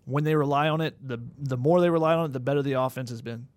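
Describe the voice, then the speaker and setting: A man's voice: medium pitch, quick pace, a little mellow, no room sound. A man co-hosting a sports podcast, breaking down plays in a detailed, analytical way. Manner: detailed, analytical, occasional repeated words. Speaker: podcast co-host.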